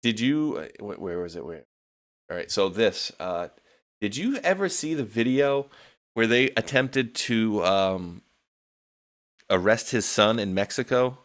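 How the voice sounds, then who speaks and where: A man's voice: lowish voice, lively intonation, unhurried, fairly bright tone. A young man with a New England accent hosting a casual chat, rambling and laughing with many restarts. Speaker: podcast host.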